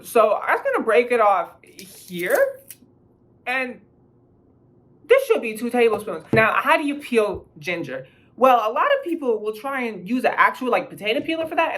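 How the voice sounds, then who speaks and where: A woman chats her way through a home cooking video, explaining each step. She is blunt and profane and throws in mocking asides. Her pitch sits in a middle range. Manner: chatty, explaining while cooking. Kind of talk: casual cooking vlog.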